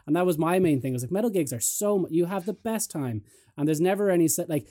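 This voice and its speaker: Man, podcast host, animated storyteller, slightly high voice, mellow warm tone. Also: fast. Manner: lively storyteller, mimics voices. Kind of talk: casual chat.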